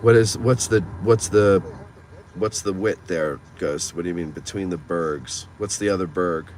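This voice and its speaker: A man's voice: low-pitched, normal speed, darkish tone. A man hosting a casual live stream from his car, reading viewer comments aloud and chatting back. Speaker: host reading live chat. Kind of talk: casual live-stream chat while driving. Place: inside a car in town. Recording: clear traffic noise from a moving car. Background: car and street noise.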